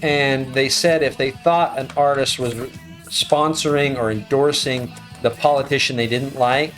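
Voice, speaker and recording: A man's voice: mid-range voice, steady tone, a little slow, fairly bright tone, soft background music. A middle-aged man, a law professor guest, talking frankly and wryly in a casual interview. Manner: frank, wry, self-correcting.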